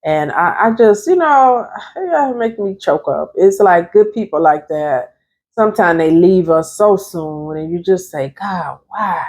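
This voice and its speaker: Here a woman therapist and life coach gives a motivational vlog talk to her viewers in a lowish, slightly mellow voice. Her intonation is lively but her pace unhurried, and she stays chatty and emphatic, calling everyone "you all."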